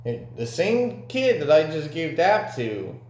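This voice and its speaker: A man's voice: fairly high pitch, very animated, takes it slowly, a little mellow. A young man telling a story from his own life in a casual, rambling way, with lots of fillers and swearing. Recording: echoey room.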